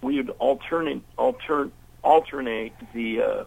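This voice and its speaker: An older man, a musician and interview guest, telling a long anecdote in a lively way and acting out the voices of the people in it. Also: medium pitch, unhurried, gravelly, low-quality recording. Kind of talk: storytelling in an interview.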